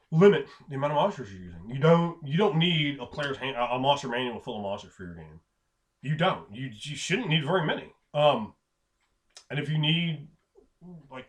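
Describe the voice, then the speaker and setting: A tired man rambling casually about running tabletop games, swearing now and then and acting out characters as he goes. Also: mid-range voice. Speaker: game master giving advice. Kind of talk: casual tabletop gaming talk.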